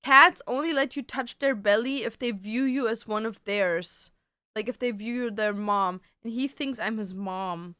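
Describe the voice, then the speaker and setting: A woman's voice: fairly high pitch, measured pace, sharp tone, clear, resonant tone, no echo, clean studio sound. A woman streamer chatting casually at home with a cat on her lap, swearing now and then and reading viewer questions aloud. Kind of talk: casual live-stream chat.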